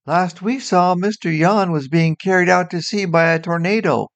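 A woman's voice: fairly low pitch, moderate pace, voice pushed up, close to an everyday voice. A man voicing a flustered woman sidekick who answers in an apologetic, slightly raised voice in a short audio story.

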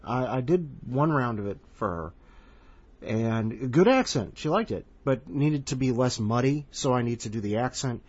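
Podcast host, man, husky, rambling and self-deprecating, lo-fi sound. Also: medium pitch, lively intonation, normal speed, darkish tone. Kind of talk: casual podcast hosting.

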